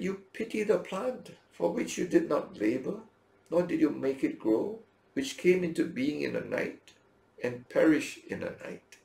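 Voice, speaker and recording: Gravelly pastor telling a story animatedly. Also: male voice, unhurried, reverberant. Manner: animated storytelling, acting out dialogue with big pitch swings. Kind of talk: sermon.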